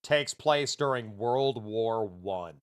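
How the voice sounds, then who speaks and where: This clip features a man, a VTuber streamer, bantering with viewers and talking to himself during casual gameplay commentary. His voice sits on the low side and sounds animated but unhurried, with a clean tone.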